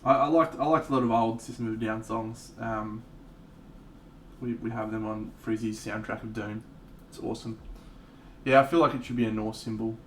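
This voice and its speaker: A man's voice: lowish voice, moderate pace, long pauses. A young man chatting casually to viewers on a live stream while he paints, swearing now and then. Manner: relaxed, swears, chats with viewers, bursts into sung lines and silly voices. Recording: voice a bit off-mic with faint background hum.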